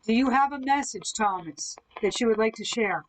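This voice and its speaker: On this low-quality recording, a woman with a highish, animated voice speaks at normal speed. She's leading a live-stream ghost hunt, using a spirit box in a device-heavy setup to question spirits while responding to viewer comments.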